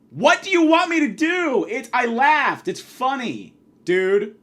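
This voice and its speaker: A man's voice: extremely high pitch, big pitch swings, measured pace, sharp tone. A man hosting a podcast, delivering a profane, sarcastic comedic rant. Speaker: podcast host.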